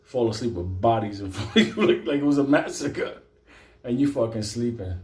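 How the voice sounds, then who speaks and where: A man telling a story in a profane, animated, conversational way. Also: mid-range voice, normal speed, echoey room. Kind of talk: comic storytelling.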